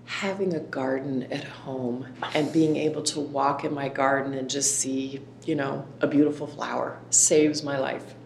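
Earnest female interview guest, low voice, roomy recording. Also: fairly even intonation, gravelly. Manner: earnest, reflective, measured. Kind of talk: interview answers. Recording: roomy with faint rumble.

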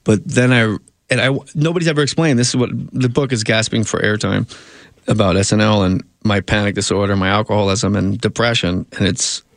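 Man, gravelly, casual interview storytelling, rambling, self-interrupting, dry sound. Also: on the low side, brisk, no echo. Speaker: guest, comedian and actor.

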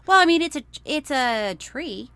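A middle-aged woman co-hosting a podcast in casual chat, teasing and quick to laugh. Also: sits high, lively intonation, fairly bright tone, no room sound. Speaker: podcast co-host.

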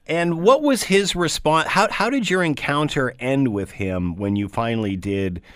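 A man's voice: medium pitch, lively intonation, normal speed, fairly bright tone, clear, resonant tone, no echo, clean studio sound. A man hosting a radio interview, asking conversational questions with some stumbles. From Canada. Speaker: radio talk show host.

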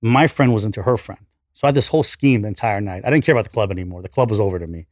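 A man in his forties, a podcast guest, telling a story in an animated, profane, self-deprecating way. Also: fairly low pitch, racing, no room sound, clean studio sound. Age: 40s. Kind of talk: casual storytelling.

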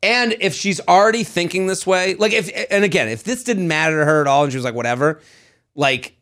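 A man co-hosting a casual advice podcast, joking and animated, often stammering as he restarts. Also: high voice, fast. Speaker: podcast co-host. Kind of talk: casual chat.

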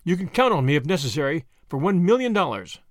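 A man's voice: fairly high pitch, big pitch swings, quick pace, dry recording, studio quality. A man voicing a brash, wealthy young man in an audiobook, blunt and informal. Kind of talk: audiobook character voice.

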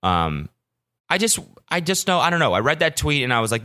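A man's voice: fairly high pitch, big pitch swings, brisk, bright, forceful tone. A young man hosting a podcast, ranting casually with profanity and self-mocking storytelling. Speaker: podcast host. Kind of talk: casual solo podcast rant.

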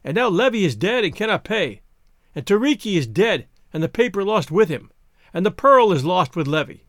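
A man's voice: high voice, very animated, normal speed, a bit bright, no room sound, clean studio sound. A man voicing a fearful husband who speaks in faltering tones in a storybook reading. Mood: weary. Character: timid, scheming island husband.

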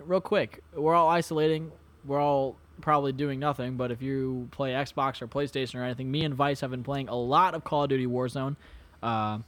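Male podcast co-host, casual banter, swears a lot, rambly and jokey. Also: medium pitch. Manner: profane, joking, rambling. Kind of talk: casual chat.

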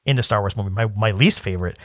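A young man co-hosting a podcast, rambling and animated in casual chat. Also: on the low side, very fast, dry recording, clean studio sound. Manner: animated, rambling, laughs often. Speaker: podcast co-host.

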